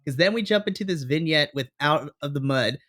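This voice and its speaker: A man's voice: on the high side, expressive, fairly quick, fairly bright tone. A man co-hosting a podcast, chatting casually and animatedly about a wrestling show, acting out his own reactions. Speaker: podcast co-host. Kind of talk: casual wrestling review chat.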